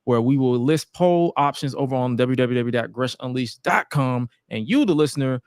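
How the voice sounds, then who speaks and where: A man's voice: medium pitch, expressive, moderate pace, a little mellow, smooth, dry recording, studio quality. A man hosting a wrestling and sports podcast live, talking in a laid-back, slangy way and calling out to his listeners. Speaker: podcast host. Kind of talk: casual sports podcast chat.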